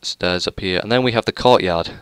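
A young gaming YouTuber with a deep voice talks fairly quickly in a bright, clean tone over a dry recording. He gives a rambling, self-deprecating tour of a game world, full of hesitant fillers, in casual let's-play commentary.

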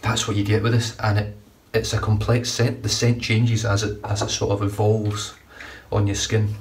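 A man's voice: lowish voice, little pitch movement, moderate pace. A man casually reviewing shaving products, chatty and enthusiastic, a little rambling. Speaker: shaving vlogger. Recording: distant mic, faint room noise.

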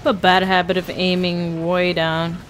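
A woman's voice: on the low side, little pitch movement, unhurried, a little hiss or hum. An American woman chatting playfully and exclaiming while playing an online game. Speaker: gamer. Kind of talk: casual gaming chat.

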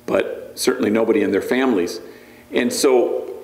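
A man's voice: lowish voice, normal speed, a little mellow, reverberant. A man, a priest, giving a storytelling lecture with humor and frequent restarts. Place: lecture hall.

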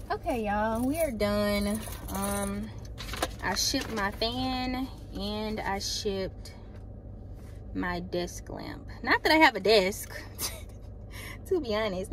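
Loud car noise runs behind a young woman's casual vlog as she rambles and talks straight to her viewers. Her medium-pitched voice is very animated yet slow, with frequent pauses.

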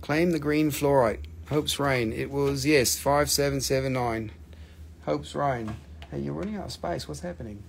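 A man's voice: mid-range voice, moderate pace, vocal fry, slightly rough. A man from the Appalachian region of the US hosts a live mineral sale in a joking, rambling way, cussing freely. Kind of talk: casual live-stream selling.

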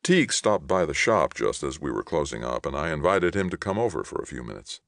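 Male narrator doing a hearty, stern dad, very deep, dry close read. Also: sing-song, brisk, vocal fry, fairly bright tone, no echo, exaggerated voice. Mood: fatherly. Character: proud middle-aged father.

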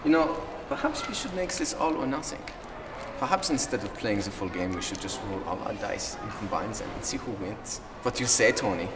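A gloating German gamer, acted by a man in a put-on German accent, loud, rude and bossy, his voice swinging up and down. He sounds roomy and far from the mic, picked up in a big echoing convention hall with noise behind him. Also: on the low side, animated, brisk, lightly acted. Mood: smug. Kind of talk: comedy sketch acting. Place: large convention hall with gaming tables.

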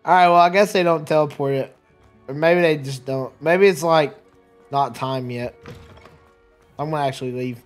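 Chatty higher-voiced man gaming. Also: moderate pace, pauses often. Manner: rambling, chatty, laughs often, trips over words. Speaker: let's play streamer. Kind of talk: casual gameplay commentary. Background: faint game music.

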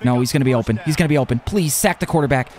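A young man commenting on his own football video game as he plays, excitable and talking to himself, often yelling at plays. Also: medium pitch, very fast. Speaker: gaming YouTuber. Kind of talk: live gameplay commentary.

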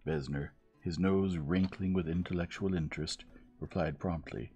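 Gentle male narrator, low warm voice, breathy, faint music under. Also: steady tone. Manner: soft, unhurried. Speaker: audiobook reader.

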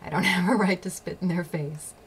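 A woman's voice: on the low side, a little fast, a little hiss or hum. A woman hosting her own show, telling a personal story in a blunt, profane way and laughing often. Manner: repeats phrases for emphasis. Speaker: show host.

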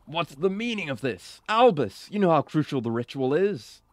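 A man's voice: a little high, very animated, normal speed, dry recording, pitched above the performer's own voice. A man reading the lines of a stern older male mentor in a formal, grave way.

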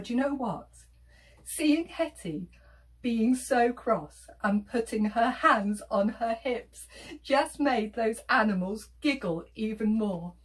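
A woman tells an interactive story to small children in a slow, sing-song voice, dropping to whispers and gasping for effect. Her pitch leaps up and down with every line. She sits a little back from the microphone. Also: distant mic.

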